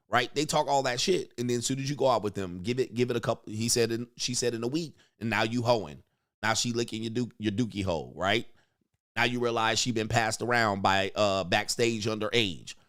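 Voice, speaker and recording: A man's voice: medium pitch, a little fast, fairly bright tone. A man hosting a casual reaction commentary, crude and joking, often mimicking other people's voices. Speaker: commentary show host.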